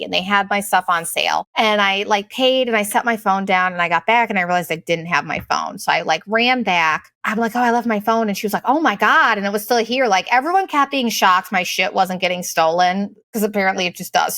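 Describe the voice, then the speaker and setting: A middle-aged woman tells a long casual travel story in a chatty, rambling way. She's sarcastic and leans on "like" constantly, at a middling pitch. The recording is dry and close, with no room sound. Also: fairly bright tone, dry recording. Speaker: podcast host.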